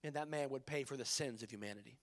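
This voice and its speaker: A man preaching a sermon as pastor, passionate, swinging between loud emphatic lines and hushed ones. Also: mid-range voice, fast.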